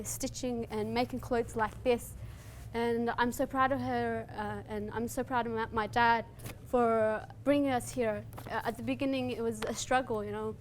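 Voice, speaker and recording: High-voiced young woman from Afghanistan. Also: slight background noise. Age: young adult. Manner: earnest and heartfelt. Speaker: guest speaker and human rights advocate. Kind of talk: spoken-word poem then personal Q&A talk. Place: community meetup room.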